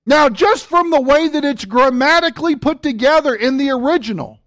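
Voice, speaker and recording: A man's voice: very high-pitched, normal speed, fairly bright tone. A man preaching a sermon, teaching a Bible passage with emphatic repetition and questions to the congregation.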